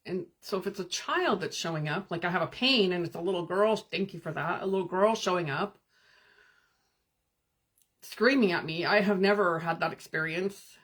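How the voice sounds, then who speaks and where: A woman hosting a live stream as a spiritual coach, speaking in calm, gentle, meditative guidance with pauses and answering viewer comments. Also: lowish voice, husky.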